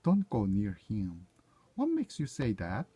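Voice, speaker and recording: A man's voice: on the low side, wildly swooping pitch, unhurried, background noise. A man whose first language is Korean, reading short everyday English dialogue lines aloud one by one to proofread them, sometimes correcting himself. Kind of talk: reading practice phrases aloud.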